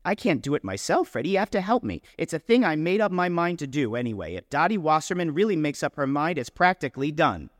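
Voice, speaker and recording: A man's voice: on the high side, big pitch swings, quick pace, hardly any pauses, no echo, clean studio sound, in a large hall, pitched above the performer's own voice. A man reading a story aloud and voicing an eager, determined young woman who talks insistently and coaxingly. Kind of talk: audiobook reading.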